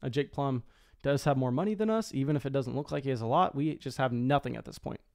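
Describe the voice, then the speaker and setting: A man giving live commentary on a fantasy football auction draft, talking quickly and excitably with frequent stammered restarts. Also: mid-range voice, gravelly.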